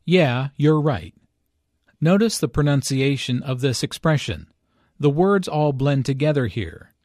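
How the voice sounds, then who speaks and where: A man reading a scripted English lesson, explaining phrases in a careful, clearly enunciated way. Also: mid-range voice, expressive, normal speed, darkish tone, no echo, studio quality. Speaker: English teacher and dialogue reader. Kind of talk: scripted language lesson narration.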